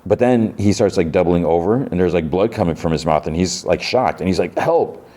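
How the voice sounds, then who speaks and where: A man's voice: sits low, brisk, dark tone. A man hosting a podcast, casually retelling a TV episode in a rambling way full of fillers and restarts. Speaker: podcast host.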